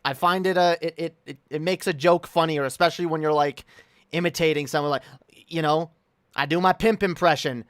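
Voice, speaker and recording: A man's voice: fairly high pitch, a little fast, a bit bright, dry recording. Guy ranting on stream, sarcastic and combative, dry close mic. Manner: mocking, combative, laughs often. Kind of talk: casual stream commentary.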